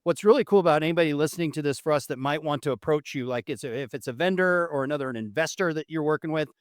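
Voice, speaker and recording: A man's voice: a little high, rapid-fire, no echo, clean studio sound. A man co-hosting a podcast, effusive and full of praise, telling stories in casual chat. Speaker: podcast co-host.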